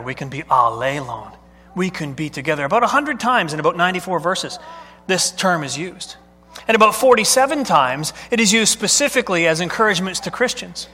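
A male pastor's fairly high voice comes across pushed and bright as he preaches in a conversational way, frequently questioning the congregation. The church sanctuary gives the recording a long hall reverb.

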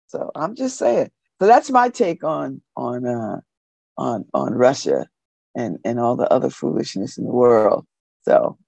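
A woman's voice: mid-range voice, darkish tone, no echo. A woman hosting a community radio show, giving casual, slangy commentary that repeats phrases for emphasis and breaks into laughter.

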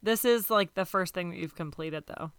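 A woman's voice: on the low side, normal speed, clear, resonant tone. A woman in an improvised comedy scene, talking in a hesitant, politely evasive way.

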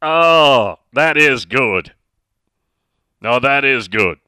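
A man's voice: mid-range voice, expressive, very slow, bright, forceful tone, smooth, no echo, low-quality recording. A man hosting a casual sports talk radio show from a studio, chatting and reading out listener messages.

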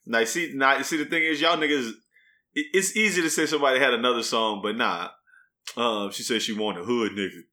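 A man's voice: mid-range voice, brisk, bright, forceful tone, echoey room. A man chatting casually as a podcast host, laughing often and singing bits of songs. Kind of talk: casual chat.

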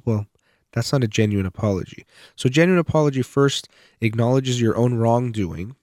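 A man's voice: mid-range voice, fairly quick, darkish tone, no echo, clean studio sound. A man giving unscripted advice on relationships in an earnest, explanatory way, leaning on key words.

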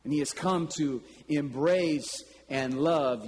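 A preacher delivers his sermon at an unhurried pace. His voice sits slightly high for a man and carries a long reverb through a large church hall. He tells stories and now and then breaks into sudden loud calls. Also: slightly rough. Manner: storytelling, slow and deliberate with sudden loud bursts. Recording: long reverb with faint ambience.

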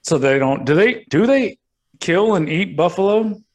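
A man's voice: sits high, expressive, moderate pace. A young man co-hosting a podcast, rambling and swearing through crude banter, laughing often. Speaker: podcast co-host.

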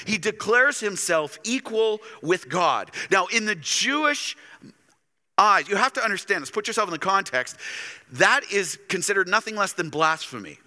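A man's voice: fairly high pitch, bright, forceful tone. A man preaching a sermon to his church, dramatic and addressing the congregation directly. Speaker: pastor. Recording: echoey church hall.

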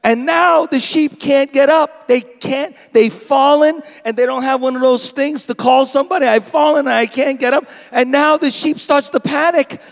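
A man preaching a sermon as pastor, dramatic and animated, now and then acting out a bleating sheep. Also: extremely high pitch, moderate pace, vocal fry, few pauses, long reverb tail. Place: church sanctuary.

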